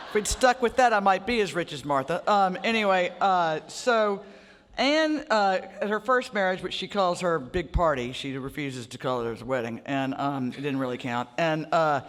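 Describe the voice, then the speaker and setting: A woman from the Mississippi Delta, telling rambling, self-mocking stories as an author on a festival panel. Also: on the low side. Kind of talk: casual onstage storytelling. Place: large hall at a book festival. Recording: reverberant hall, stage mics.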